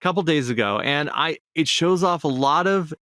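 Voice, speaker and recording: A man's voice: on the high side, moderate pace, bright, forceful tone, no echo. Upbeat man co-hosting a podcast, dry sound. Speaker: podcast co-host. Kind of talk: casual podcast chat.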